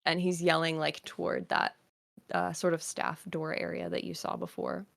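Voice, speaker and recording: A woman's voice: on the low side, little pitch movement, moderate pace, vocal fry. A woman narrating as game master for a tabletop game, describing scenes with many fillers and hesitations.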